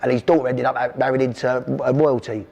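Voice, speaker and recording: Fast-talking South London man. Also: medium pitch, fairly even intonation, creaky, a little mellow, lo-fi sound. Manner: rambling anecdotes, quoting his father. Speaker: podcast guest. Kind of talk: storytelling interview.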